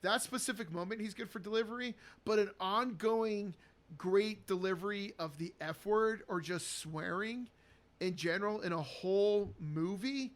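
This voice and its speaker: A man's voice: sits high, fairly bright tone. A man co-hosting a casual movie podcast, talking enthusiastically, laughing often and acting out favorite quotes. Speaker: podcast co-host. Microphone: podcast microphone.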